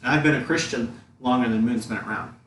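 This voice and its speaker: A man's voice: mid-range voice, fast, a bit bright. A young man with a mid-range voice talks earnestly and steadily in a casual baking chat. He is recorded at a distance in an echoey home kitchen, with faint background noise. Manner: earnest, explains his views steadily. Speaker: co-host of baking video. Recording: echoey room, from far off mic, faint noise.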